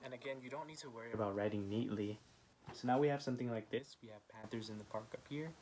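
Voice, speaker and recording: A man giving a children's art lesson, gently encouraging and talking with many "um" fillers while he draws. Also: lowish voice, a little hiss or hum. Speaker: art teacher.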